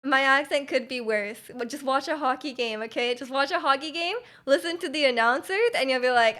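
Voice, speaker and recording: A woman with a Canadian accent, chatting casually with viewers on a stream, full of fillers and restarts and quick to laugh. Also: high voice, sharp tone. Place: home room.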